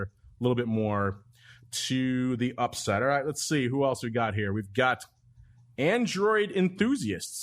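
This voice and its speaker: An upbeat man hosts a finance podcast in a casual, chatty way. His voice sits at a middle pitch, and he reads listener questions aloud with easy energy. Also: a bit bright. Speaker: podcast host.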